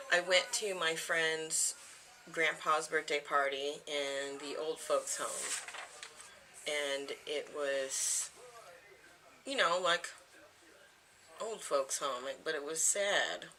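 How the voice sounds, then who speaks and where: A woman's voice: low voice, very slow, pauses often, bright, forceful tone. A woman in her thirties chatting casually to camera at home, rambling from one thing to the next and laughing often. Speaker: vlogger. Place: home, indoors.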